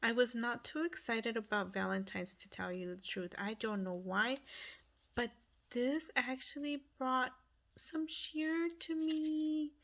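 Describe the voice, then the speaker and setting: A woman's voice: fairly high pitch, steady tone, takes it slowly, a bit bright. Gushing woman crafter unboxing happy mail. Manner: gushing, breathy exclamations, drops to whispers. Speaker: craft channel host. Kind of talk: casual unboxing vlog.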